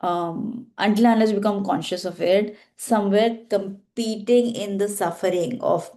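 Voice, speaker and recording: A woman healer leading a guided practice, reciting affirmations slowly and deliberately, with casual asides to her viewers. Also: medium pitch, fairly even intonation, mellow.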